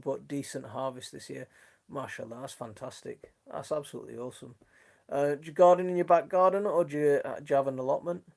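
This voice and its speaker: A live-stream host with a blended Leeds and Sheffield accent, talking at an ordinary pitch with a gravelly edge. He sounds chatty and friendly, answers viewer comments and often restarts his sentences, all recorded on a phone at home. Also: darkish tone. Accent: mixed Leeds and Sheffield. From Northern England. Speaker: gardening channel host.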